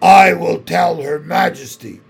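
A man's voice: on the high side, creaky. A man voicing a menacing grey wolf. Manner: slow, loud and threatening. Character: grey wolf, chief of secret police, menacing.

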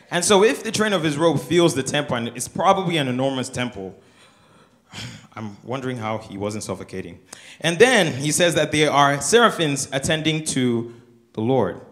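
A man talks through scripture in an easy, conversational way. His pitch moves a lot as he asks rhetorical questions, and he laughs along with his co-host. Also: fairly bright tone. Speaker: co-host of a church discussion show. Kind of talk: casual Bible study discussion.

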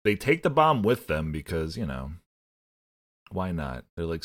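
Slow, lively, low-voiced man recapping a film. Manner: animated storyteller who swears and acts out characters. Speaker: podcast host. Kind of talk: casual movie recap chat.

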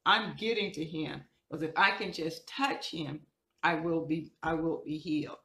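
Woman doing a determined sick woman pushing through a crowd, low voice, roomy. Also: steady tone, a little slow, sharp tone, full character voice. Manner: determined, repeating herself. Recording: echoey room.

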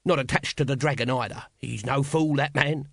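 A man doing a gravelly, wheedling street hawker. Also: mid-range voice, normal speed, fairly bright tone, dry recording, studio quality. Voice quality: gravelly, husky. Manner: wheedling sales patter. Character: shifty fast-selling male street hawker. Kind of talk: audiobook character voice.

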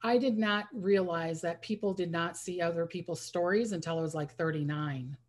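A woman's voice: on the low side, normal speed. A woman psychic medium telling stories in a casual interview, rambling with many restarts. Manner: rambling, restarts often, acts out quoted voices.

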